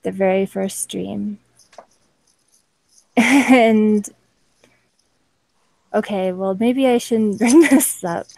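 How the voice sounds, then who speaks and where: A woman's voice: medium pitch, very slow, creaky, pauses often, a little mellow, no echo, low-quality recording. A woman from New Mexico and Kansas City, telling a rambling story with frequent laughs on an online panel chat.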